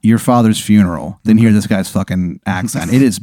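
A male podcast host telling an improvised comedic story, animated and full of fillers and swearing. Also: fairly low pitch, brisk, no echo.

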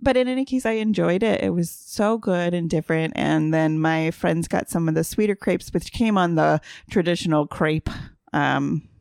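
A woman's voice: on the low side, normal speed, creaky, a little mellow, no echo, studio quality. A woman co-hosting a podcast, telling a travel story in a chatty, giggly way. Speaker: podcast co-host. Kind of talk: casual podcast chat.

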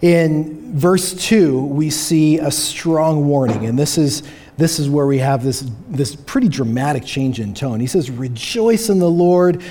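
A man's voice: a little high, a little slow, dark tone. A man preaching a sermon, earnest and emphatic, often repeating key phrases for weight. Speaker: pastor. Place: church sanctuary.

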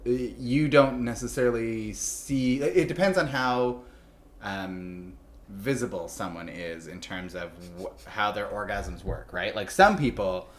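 A man's voice: fairly low pitch, a little slow, reverberant. Frank joking man in his thirties. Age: 30s. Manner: frank, joking, lots of fillers. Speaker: podcast host. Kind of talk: casual podcast chat.

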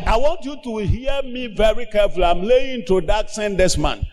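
A man preaching a sermon as pastor, emphatic and slow, breaking into shouted commands for healing. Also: high-pitched, animated, in a large hall.

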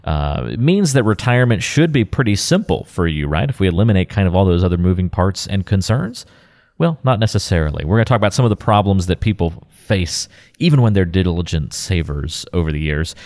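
A deep-voiced man hosting a talk radio show, reading promos and the call-in number in smooth, announcer-like tones. His pitch sits very low. He steers the conversation along with ease. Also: sing-song, fairly quick, darkish tone. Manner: smooth announcer-like delivery, reads phone number.

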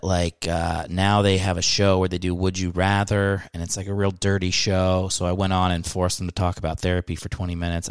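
A man's voice: fairly low pitch, clean tone, no room sound. A man hosting a comedy podcast, rambling through a ranting monologue with bursts of mock outrage. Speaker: podcast host.

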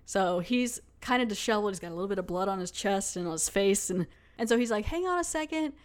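A woman's voice: mid-range voice, fast. A woman hosting a podcast, recapping a TV episode in a chatty, casual way full of fillers. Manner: chatty, lots of "like". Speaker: podcast host.

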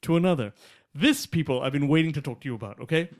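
A man co-hosting a casual film review chat, excitable and profane, often cutting off his co-host. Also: on the high side, fast talker. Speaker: podcast co-host reviewing films.

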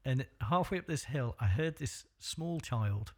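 Lively jokey man host. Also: mid-range voice, a little slow, husky. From North Wales. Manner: jokey, laughs often, self-mocking. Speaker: podcast host. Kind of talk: casual podcast chat. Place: small studio.

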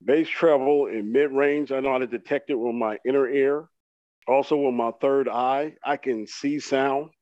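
A man co-hosting a podcast, delivering a comedic rant in an animated, mock-boastful way and acting out his own excitement. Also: mid-range voice, moderate pace, no room sound, highs cut off. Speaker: podcast co-host.

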